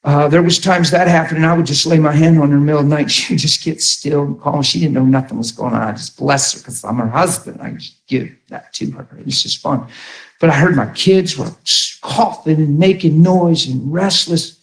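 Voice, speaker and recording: A man preaches in a casual, emphatic manner, stumbling over repeated words as he gathers his thoughts. His voice sits a touch higher than most men's. The room around him rings with echo. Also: steady tone, moderate pace. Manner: conversational, emphatic, repeats words when starting. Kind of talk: sermon.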